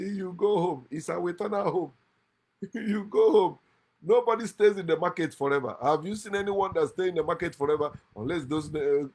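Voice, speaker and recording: A man from Nigeria, hosting an impassioned monologue, emphatic and lecturing, with loud outbursts, quiet asides and frequent laughter. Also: a little high. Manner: laughs often mid-speech. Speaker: channel host. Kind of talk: impassioned monologue against religion. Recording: lives in America.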